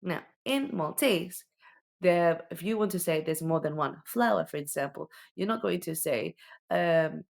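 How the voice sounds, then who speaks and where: A woman's voice: fairly low pitch, animated, unhurried, creaky, darkish tone. A woman teaching children the alphabet, patiently sounding out each letter and often checking in with "okay?". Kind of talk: slow alphabet lesson for children.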